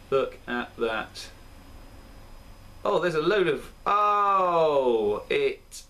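A man's voice: medium pitch, fairly bright tone. A man hosting his own beer review video, talking in a chatty, rambling and self-deprecating way. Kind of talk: casual chat. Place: indoor room at home.

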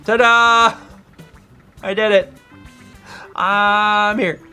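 A man streaming a co-op game, chatting casually with excitable, joking bursts. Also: on the high side, moderate pace, faint music behind. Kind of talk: casual co-op gameplay chat.

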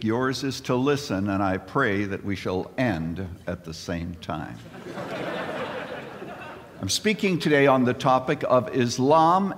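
A man in his seventies giving a conference sermon, an animated storyteller with comic timing who mixes jokes into his message. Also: medium pitch. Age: 70s. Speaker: conference speaker. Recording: reverberant hall.

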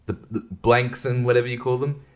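A man's voice: medium pitch, steady tone, fairly quick, darkish tone. A man hosting a casual solo podcast, rambling and swearing freely, often breaking into laughter. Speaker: podcast host.

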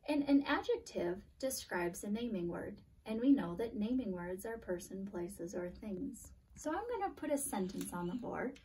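A woman teacher giving a video phonics and grammar lesson at a board, sounding out letters slowly and clearly. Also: mid-range voice, animated, warm tone, far from the mic. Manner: slow, deliberate sounding-out of letters.

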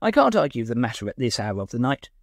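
A man voicing a mischievous young gentleman who talks in a breezy, teasing way. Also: mid-range voice, very animated, fast, creaky, no echo, clean studio sound. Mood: brusque.

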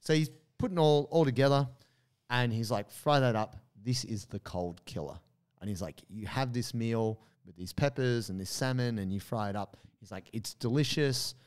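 A man's voice: medium pitch, moderate pace, darkish tone, smooth. A man, telling a story in casual podcast chat with many fillers and quoted asides. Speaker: podcast co-host.

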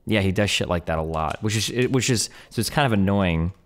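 A man's voice: lowish voice, a little fast. A man hosting a casual reaction commentary, sarcastic and loose, full of fillers like "um" and "like". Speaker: streamer and host.

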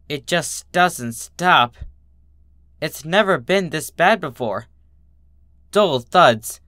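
A man reading a dark story aloud in first-person narration, with a halting, tense delivery. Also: fairly high pitch, no room sound, studio quality. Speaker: fanfiction reader.

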